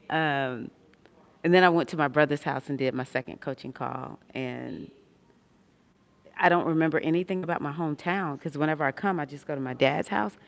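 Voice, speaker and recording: A woman's voice: deep voice, moderate pace, gravelly. A woman chatting casually on a livestream from a hospital room, reading viewer comments and laughing often. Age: adult with a son. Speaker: astrology livestream host.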